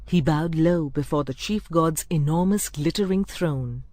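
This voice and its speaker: Casting: a woman narrator for a children's tale, lower voice, dry close mic. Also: mellow, no room sound. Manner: clear, measured storybook reading. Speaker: storyteller. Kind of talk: scripted narration.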